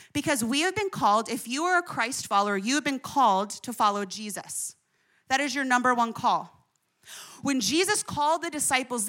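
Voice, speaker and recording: A woman pastor giving a sermon, mixing funny personal stories with preaching and asides to the audience. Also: high-pitched. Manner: animated, humorous storytelling with asides to the audience.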